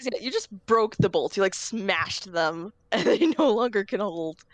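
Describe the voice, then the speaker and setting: A woman's voice: mid-range voice, animated, unhurried, dry recording. A woman narrating as game master in a tabletop game, rambling with lots of fillers.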